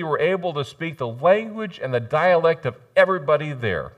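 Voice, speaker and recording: A man preaching a sermon in a church, joking and swinging between loud bursts and quiet asides. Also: fairly high pitch, normal speed, few pauses. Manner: animated, jokey preaching with sudden loud rises and soft drops. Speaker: pastor. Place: church sanctuary.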